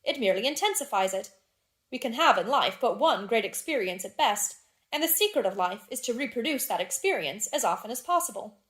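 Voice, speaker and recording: Female narrator voicing an epigram-spouting Victorian aristocrat, dry and slightly high. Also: lively intonation, a little fast, a bit bright. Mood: drily witty. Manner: dry, epigrammatic drawing-room wit. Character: witty, cynical aristocratic Victorian gentleman.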